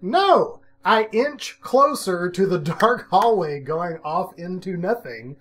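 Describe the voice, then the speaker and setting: A middle-aged man telling a personal story in a casual, animated way, laughing often and acting out what he said at the time. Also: sits high, takes it slowly, a little hiss or hum. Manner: animated, self-mocking, laughs often, acts out his own quotes.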